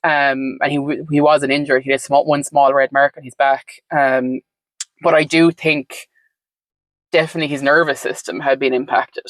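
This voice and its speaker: A woman's voice: a bass voice, little pitch movement, normal speed, no room sound, rough recording. A woman telling her story as a podcast guest in a reflective, meandering way, full of "like" and "um". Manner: reflective, meandering, frequent "like" and "um" fillers. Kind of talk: conversational storytelling.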